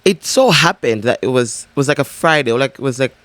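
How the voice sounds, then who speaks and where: A man's voice: medium pitch, fast talker, no room sound. A man with a Malawian English accent hosting a podcast, telling a story casually and acting out each character as he goes. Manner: animated, acts out every character. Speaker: podcast host.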